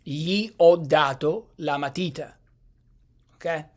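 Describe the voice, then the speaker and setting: A man giving a video lecture on Italian grammar, speaking deliberately with many pauses, fillers and restarts. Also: fairly high pitch. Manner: deliberate, halting with frequent fillers and repeats.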